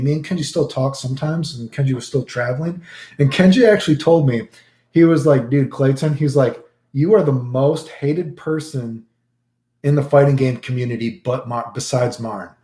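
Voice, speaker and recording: A man's voice: mid-range voice, reverberant. A man streaming to his chat, telling rambling stories in a casual, profane way and acting out his own lines. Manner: profane, rambling, animated retelling with many filler dudes. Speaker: streamer answering chat questions.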